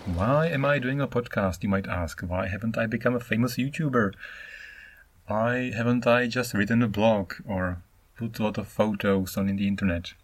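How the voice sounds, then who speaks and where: Non-native man from Czechia, 30s, solo podcast host; lower voice, animated rambling monologue. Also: normal speed. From Czech Republic. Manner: rambling, animated, acts out intonations.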